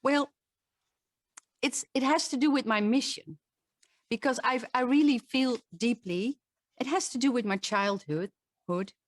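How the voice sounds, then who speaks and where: A middle-aged woman with a Dutch accent, a voice and presentation coach giving an online talk, speaking slowly and emphatically with frequent restarts. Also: fairly high pitch, dry recording, clean studio sound.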